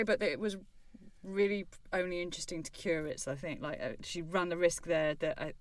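A woman's voice: low-pitched, dry recording, far from the mic. A woman co-hosting a podcast, chatting casually about books with lots of fillers and restarts. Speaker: podcast co-host. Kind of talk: casual literary chat.

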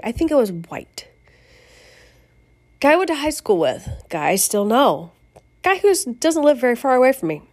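A middle-aged woman casually telling a personal memoir, animated, swearing and laughing as she goes. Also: fairly high pitch. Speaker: storyteller.

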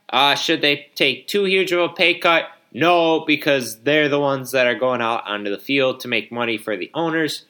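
A man's voice: fairly high pitch, bright, forceful tone. A young man in his twenties hosting a casual solo podcast, rambling with lots of fillers and sarcastic grumbling while yawning now and then. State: yawning, a bit drowsy. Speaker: podcast host.

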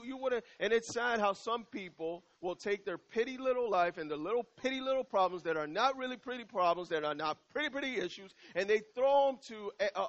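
A middle-aged male pastor preaching to his church in a loose, conversational way, drawing out key lines slowly and repeating them. His voice sits high for a man. The recording sounds muffled and lo-fi. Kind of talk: sermon.

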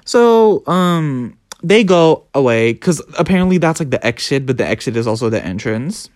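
A young adult podcast host telling a story in a casual monologue, animated, profane and often laughing. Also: medium pitch, moderate pace, no echo, studio quality.

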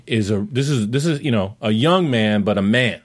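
A middle-aged man in casual chat, telling a story in a rambling, animated way full of fillers and restarts. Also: fairly low pitch, moderate pace. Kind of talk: casual chat reviewing a show.

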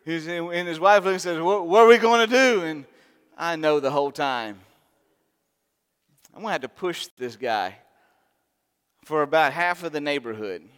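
A man preaching a sermon, telling a story in an animated, humorous way. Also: on the high side, unhurried, long pauses, clear, resonant tone. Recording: long reverb in a large hall.

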